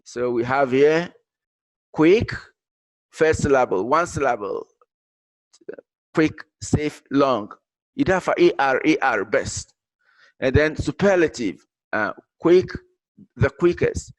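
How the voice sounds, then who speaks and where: A man teaching an English grammar lesson, explaining in English mixed with Arabic, halting and repeating himself with many fillers. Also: mid-range voice, animated, no echo.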